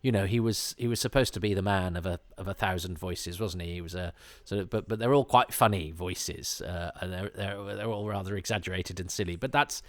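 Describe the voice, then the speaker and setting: A man with a fairly low voice talks through an episode in a loose, casual commentary. He wanders between thoughts, stumbles over restarts and fillers, and throws in wry, chuckling asides. The sound is close and dry, with no room around it. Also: brisk, no echo. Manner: rambling, hesitant, with many fillers and restarts. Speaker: podcast host.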